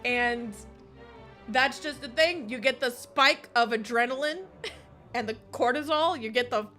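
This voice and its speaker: Bright-voiced woman ranting and swearing. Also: on the high side, a little slow, soft background music. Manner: swears constantly, laughs often, ranting. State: recovering from illness. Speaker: streamer. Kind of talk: casual chat while gaming.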